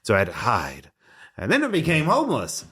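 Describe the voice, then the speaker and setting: A man's voice: mid-range voice, wildly swooping pitch, a little fast, fairly bright tone, slightly rough, heavily acted. A man voicing a filthy, scruffy, cranky homeless man who rambles indignantly about his hiding spot. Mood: rambling.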